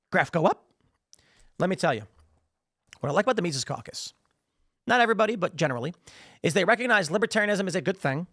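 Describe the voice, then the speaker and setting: A man's voice: a little high, no echo, clean studio sound. A man hosting a political commentary show, talking in a sarcastic, opinionated way and acting out the voices of the people he quotes. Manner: animated, acts out quoted voices. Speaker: show host.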